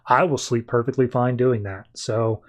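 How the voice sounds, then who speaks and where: A man's voice: medium pitch, steady tone, moderate pace, natural voice. A man voicing a defiant young male police officer laying down his stance. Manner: firm, defiant.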